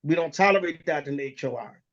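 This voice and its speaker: High-pitched guy preaching real blunt, cussing and slangy, muffled lo-fi sound. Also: expressive, brisk, fairly bright tone. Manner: blunt and profane, with street slang. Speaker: elder teaching a congregation. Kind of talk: preaching lesson.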